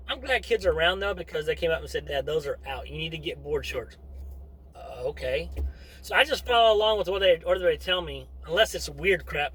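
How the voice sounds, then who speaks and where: Man, middle-aged, bright voice, rambling casual vlog, chatty asides. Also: high-pitched, rough recording. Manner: chatty, wandering, self-interrupting asides. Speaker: vlogger and father. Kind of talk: casual rambling monologue to camera.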